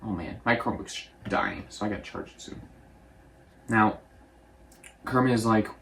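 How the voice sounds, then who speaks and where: Young male reviewer, low voice, offhand rambling recap style. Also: fairly bright tone, a little hiss or hum. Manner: rambling, offhand, quotes characters in quick voices. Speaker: movie reviewer. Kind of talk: casual movie recap.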